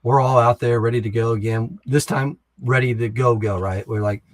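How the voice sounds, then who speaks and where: A man's voice: medium pitch, fairly even intonation, moderate pace. A middle-aged man, an army veteran, telling war stories in a blunt, profane, casual way and acting out other soldiers' lines. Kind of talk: casual storytelling.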